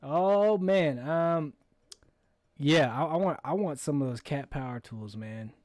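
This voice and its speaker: A man's voice: on the high side, lively intonation, slow, a little mellow, no room sound. A man hosting a casual livestream, reading viewer comments aloud and answering them in an easygoing way. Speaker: livestream host.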